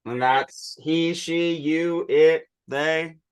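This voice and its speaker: A male teacher leading an online class, patiently correcting pronunciation and explaining with quick asides. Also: fairly high pitch, fairly even intonation, clear, resonant tone. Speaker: Sanskrit teacher.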